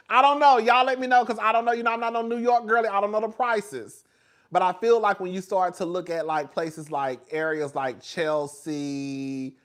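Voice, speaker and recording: Gossipy chatty man, higher voice. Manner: chatty, gossipy, calls everyone "girl", laughs often. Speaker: host. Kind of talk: casual chat with viewers.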